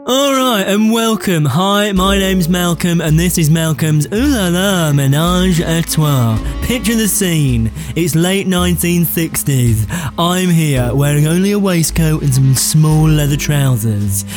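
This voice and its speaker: A man's voice: on the high side, lively intonation, over music. Smarmy mock-sultry man. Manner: mock-sultry, slow and breathy on innuendo. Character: smarmy would-be lover man, self-serious. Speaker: comic host playing a seducer. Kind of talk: deadpan comedy sketch.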